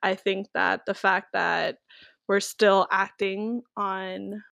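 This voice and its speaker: A woman's voice: mid-range voice, level tone, takes it slowly, creaky, fairly bright tone, dry recording. A young woman co-hosting a casual discussion, talking emphatically with lots of "like" fillers. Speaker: co-host.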